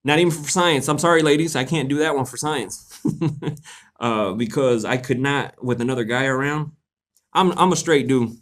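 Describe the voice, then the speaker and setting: A man's voice: mid-range voice, normal speed. A young man hosting a live question-and-answer stream, chatting casually in a laid-back, joking, slangy way and laughing often. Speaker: livestream host answering viewer questions.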